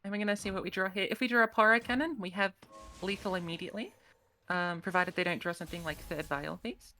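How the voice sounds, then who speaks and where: A woman from the Americas co-casts a live esports match, analyzing and thinking aloud while often second-guessing her reads. Her medium-pitched voice is fast, pushed, and bright with fairly even intonation, and faint music plays behind her.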